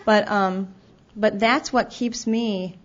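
Speaking slowly in a mid-range voice with fairly even intonation, a woman gives a personal testimony about her recovery. She's candid and pokes fun at herself, acting out her own past remarks and now and then stumbling into restarts, all captured in a dull lo-fi event recording.

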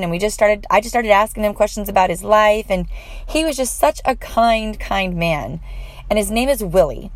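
A woman's voice: mid-range voice, no echo. A woman telling a personal story in an earnest, heartfelt way, with frequent fillers and restarts.

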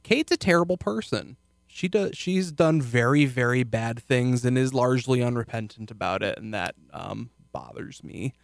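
Man with a gravelly smooth voice. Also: medium pitch, animated, moderate pace, dry recording, studio quality. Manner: rambling, restarts often, trails off quietly. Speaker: podcast co-host. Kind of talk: casual chat about a TV show.

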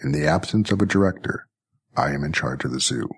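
A man voicing a calm, formal robot zookeeper in an audiobook story, speaking in measured, polite sentences. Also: a bass voice, slightly rough, exaggerated voice.

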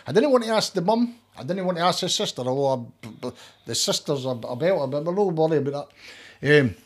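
A man's voice: a little high, animated, quick pace, darkish tone. A middle-aged man with a Scottish accent, talking as a guest in a heated, emphatic, sweary way with many restarts. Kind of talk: casual interview chat.

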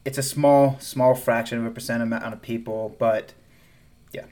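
A man's voice: mid-range voice, moderate pace. A man from the American South with a Southern accent, co-hosting a podcast in casual chat and laughing often as he talks. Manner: animated, laughs often, trails off and restarts. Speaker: podcast co-host.

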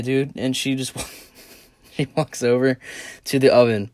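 A young man rambles through a story for his solo podcast, swearing freely and getting animated. His voice sits at a middle pitch. It is recorded dry and close in a small closet with no room sound. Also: moderate pace, dry recording. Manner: rambling, profane, animated retelling. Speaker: podcast host.

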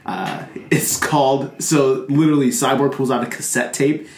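A man's voice: mid-range voice, fairly even intonation, moderate pace, roomy sound. A man co-hosting a podcast, chatting casually and rambling with lots of fillers and laughter. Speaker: podcast co-host. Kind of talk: casual chat about a cartoon movie.

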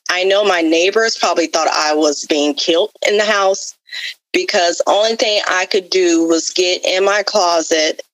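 A woman's voice: lowish voice, fairly bright tone, dry recording, rough recording. A woman guest giving a heartfelt personal testimony, earnest and openly spiritual, with frequent fillers and repetition. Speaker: guest sharing her life story.

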